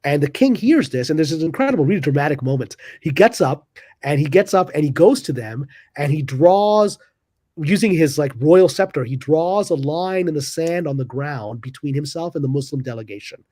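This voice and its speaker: In a dry, studio-quality recording, a man with a fairly high pitch talks at a normal speed. His storytelling as a guest on a podcast panel is lively and dramatic, complete with voices for each person he quotes.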